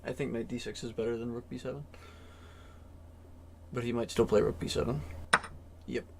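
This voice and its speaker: A man's voice: mid-range voice, fairly even intonation, moderate pace, gravelly, noisy background. A man playing online chess and thinking aloud, in a glum, self-critical mutter. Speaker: chess player.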